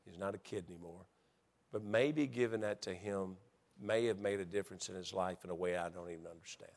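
A middle-aged man preaching a sermon as pastor, stumbling through restarts and building into excited storytelling. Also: deep voice, fairly quick, creaky. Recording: long hall reverb.

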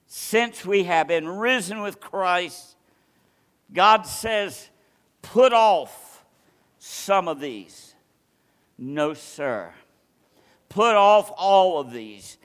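A male pastor preaching a sermon, telling a story with acted-out quotes and swinging between loud declarations and hushed asides. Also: high-pitched, expressive, drawn-out words, long pauses, in a large hall. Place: church sanctuary.

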